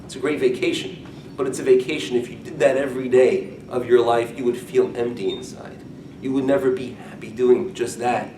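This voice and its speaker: A man's voice: mid-range voice, fairly even intonation, a little fast, mellow, a little hiss or hum. A man, a rabbi, giving an informal talk to a group, telling stories with animation and humor. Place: room with curtains. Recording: echoey room, mic from far off.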